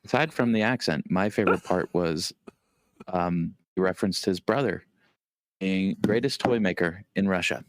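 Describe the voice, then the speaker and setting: A man co-hosting a podcast, tossing out deadpan one-liners in casual chat. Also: sits low, normal speed, dry recording. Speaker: podcast co-host.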